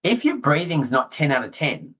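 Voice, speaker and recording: A middle-aged man, talking excitedly as a guest in a casual interview. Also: on the high side, normal speed, breathy edge, poor audio. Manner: excitable, animated storyteller, self-deprecating. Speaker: guest orthodontist.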